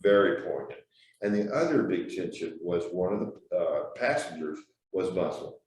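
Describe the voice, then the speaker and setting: A man's voice: low-pitched, lively intonation, normal speed, darkish tone. A man teaching an adult Sunday school class, telling stories in a chatty way, laughing often and repeating words as he goes. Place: church classroom. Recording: echoey room, far from mic, faint hiss.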